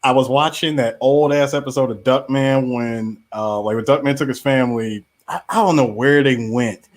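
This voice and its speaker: A man's voice: mid-range voice, moderate pace. A man co-hosting a casual podcast chat, building up a funny story with lots of emphasis. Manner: lively storyteller, builds up jokes. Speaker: podcast co-host.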